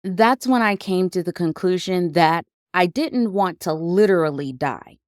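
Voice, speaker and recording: A woman hosting her own podcast, telling a deeply personal story in a reflective, confessional way with emotional emphasis. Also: animated, measured pace, no room sound, studio quality. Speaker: podcast host.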